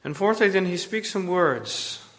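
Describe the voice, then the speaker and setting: Male preacher, earnest, loud peaks and hushed drops, higher-pitched voice, echoing hall sound. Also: expressive, measured pace. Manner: earnest, swings between loud emphasis and hushed low phrases. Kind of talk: sermon. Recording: long hall reverb.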